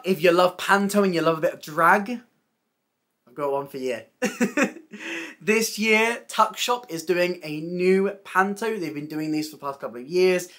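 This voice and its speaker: A young woman runs through the week's theatre news in a relaxed, chatty way. She sounds openly enthusiastic and laughs easily between items. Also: lowish voice. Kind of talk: casual news recap.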